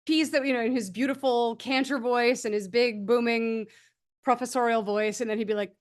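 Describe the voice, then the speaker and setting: A woman panelist telling an animated, lively anecdote in casual conversation. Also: on the high side, normal speed. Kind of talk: casual storytelling.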